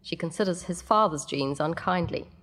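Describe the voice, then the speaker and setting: A woman narrating a story aloud in a measured way, with the odd casual aside. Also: on the low side, a bit bright.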